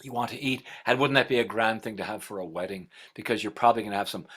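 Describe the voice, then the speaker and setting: A humble young princess coaxes and pleads in a soft voice, as a male storyteller puts her on. The tone is bright and a touch husky. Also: fairly low pitch, quick pace. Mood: coaxing.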